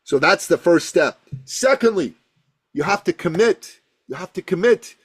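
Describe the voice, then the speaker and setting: A high-voiced man talks business as a podcast guest, punching his points with repeated words. His delivery is lively and emphatic, and his voice stays high and light throughout. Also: normal speed, husky. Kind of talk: energetic storytelling advice.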